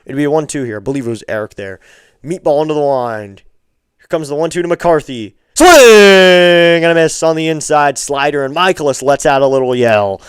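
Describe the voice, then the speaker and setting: A man hosting a live baseball stream, calling the action with a smooth, resonant voice. He stays calm between pitches, climbs on every hit, and chats with viewers by name. The sound is close and dry, with no room around it. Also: moderate pace, dry recording. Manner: chatty asides thanking viewers by name. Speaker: fan play-by-play host of a live stream. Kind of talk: amateur baseball play-by-play with viewer chat.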